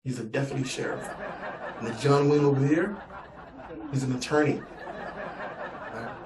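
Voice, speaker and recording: A man's voice: medium pitch, measured pace, a crowd in the background, lightly acted. A man voicing a bossy, threatening male rancher who is proud of his guns and keeps calling the listener "boy", in a blustering manner. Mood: menacing. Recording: echoey room, distant mic, faint noise.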